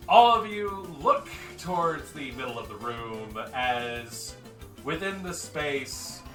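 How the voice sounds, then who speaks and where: A man's voice: medium pitch, big pitch swings, slow, sharp tone. A man narrating a tabletop game as game master in a casual, laid-back way, swearing freely. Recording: roomy and distant, music behind.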